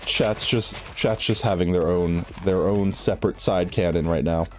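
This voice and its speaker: A man's voice: deep voice, unhurried, soft background music. A male streamer chatting casually with his viewers while gaming, rambling, restarting his sentences and breaking into giggles. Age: adult.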